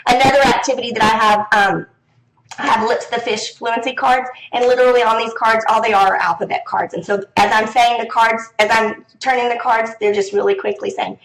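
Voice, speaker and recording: A woman teacher explaining reading activities to other teachers in a casual, lively way, often slipping into a sing-song classroom voice. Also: fairly high pitch. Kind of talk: casual instructional talk. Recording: echoey room.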